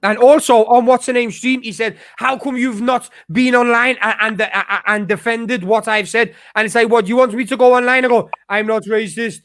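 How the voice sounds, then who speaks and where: High-voiced, profane man ranting. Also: steady tone, normal speed, hardly any pauses, a bit bright, no room sound. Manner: rambling, profane, with frequent restarts. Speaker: streamer host. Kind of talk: casual chat.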